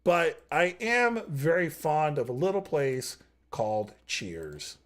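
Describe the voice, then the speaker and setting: A man's voice: a little high, sing-song, slow pace. A man hosting a live online improv comedy game, setting up the rounds and reacting to the players. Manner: upbeat, leads the game and reacts to jokes. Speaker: improv show host. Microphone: video call.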